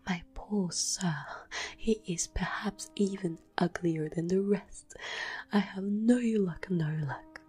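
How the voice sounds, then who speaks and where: A woman's voice: medium pitch, takes it slowly. A woman voicing a bitter, fierce peasant woman of about forty in a whispered role-play, lamenting and lashing out. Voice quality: breathy whisper. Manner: lamenting, then shouting in anger.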